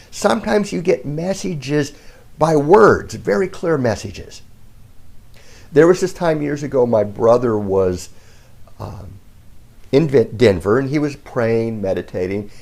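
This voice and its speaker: A middle-aged man speaking to the camera as a self-help speaker, telling a personal story in a calm, earnest way. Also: medium pitch, gravelly. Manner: calm, earnest storytelling with lively ups and downs.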